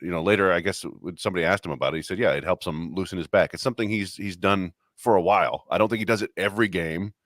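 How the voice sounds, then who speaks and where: Deep-voiced man telling a measured anecdote. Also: a bit bright, no echo, clean studio sound. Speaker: podcast co-host. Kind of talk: casual sports podcast chat.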